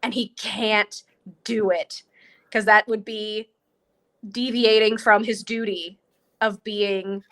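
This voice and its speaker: A woman's voice: mid-range voice, little pitch movement, slow, pauses often, fairly bright tone. Chatty woman acting out film quotes. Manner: chatty, acts out characters' lines. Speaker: podcast co-host. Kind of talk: casual movie discussion.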